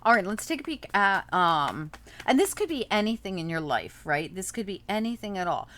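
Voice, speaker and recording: A woman's voice: medium pitch, very animated, moderate pace, a bit bright, slight background noise. A woman doing a casual tarot reading, chatting and thinking aloud as she turns the cards over. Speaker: tarot reader.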